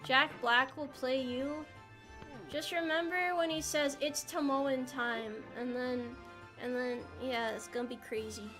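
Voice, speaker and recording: A woman's voice: sits high, a little slow, fairly bright tone, faint music behind. A young American woman streaming a game, chatting playfully with her viewers in a rambling way. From United States. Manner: playful, rambling, answers chat. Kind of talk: casual live-stream chat while gaming.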